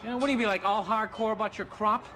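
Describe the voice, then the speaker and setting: A man's voice: high-pitched, fairly even intonation, rapid-fire, music in the background. A middle-aged man, a comedian, ranting bluntly and sarcastically in a stand-up and podcast style. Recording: clip with audience laughter.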